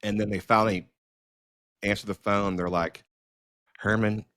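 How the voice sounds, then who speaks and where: A middle-aged man with a lowish voice tells stories in loose, animated conversation. He restarts sentences and fills pauses often. The sound is dry and close, with no room around it. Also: no echo. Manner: animated storyteller, many fillers and restarts. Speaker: filmmaker and podcast host. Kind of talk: casual storytelling conversation.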